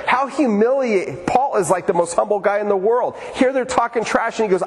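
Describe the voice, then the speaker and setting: A man pastor preaching a conversational sermon in a church sanctuary, animated and lively. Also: high voice, a little fast, few pauses. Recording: church hall with long reverb.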